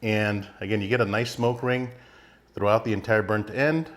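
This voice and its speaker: A middle-aged man hosting a casual barbecue cooking video, chatting relaxed while he handles and tastes the food. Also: on the low side, normal speed. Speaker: barbecue channel host.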